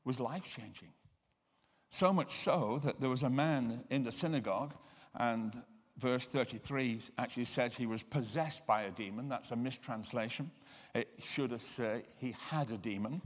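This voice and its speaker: A man giving a sermon-style lecture. He tells personal stories and slows down to stress key words. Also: fairly high pitch, slightly rough. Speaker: guest lecturer and deliverance minister. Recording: reverberant lecture hall.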